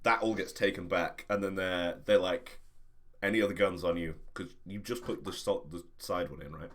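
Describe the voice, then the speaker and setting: A man's voice: deep voice, steady tone, moderate pace. A man running a tabletop game over a stream, flustered and laughing at technical trouble. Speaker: game master.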